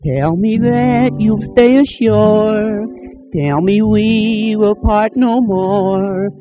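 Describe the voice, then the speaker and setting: A woman's voice: mid-range voice, extremely slow. A woman singing the part of a fair young maiden in a comic song, with plaintive nagging questions. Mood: pleading. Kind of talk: comic sung dialogue song. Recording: dull old lo-fi music recording. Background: band accompaniment.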